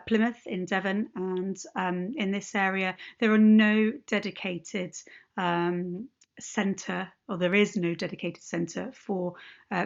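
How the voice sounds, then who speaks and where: A woman's voice: mid-range voice, creaky. A woman who works as an ADHD hypnotherapist and coach, chatting informally and straight to her viewers in an unscripted video message. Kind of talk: unscripted direct-to-camera message. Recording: dull lo-fi recording.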